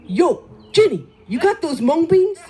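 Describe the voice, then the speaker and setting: A woman voicing a brash, generous older man with a New York accent, calling out loud greetings. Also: very high voice, big pitch swings, a little slow, pitched above the performer's own voice, exaggerated voice. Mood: hearty. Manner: loud, hearty street greetings.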